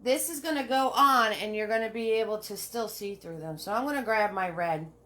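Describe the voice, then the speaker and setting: During a live painting lesson, a woman greets viewers by name and repeats every step, often tacking on "right?". Her voice is medium-pitched and a bit bright, and she talks a little fast.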